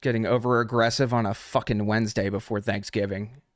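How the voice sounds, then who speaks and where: A man's voice: fairly low pitch, little pitch movement, brisk, no room sound. Profane casual male trading coach, dry sound. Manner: casual, profane, talks straight to chat. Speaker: trading coach streaming live. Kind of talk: unscripted live stream teaching.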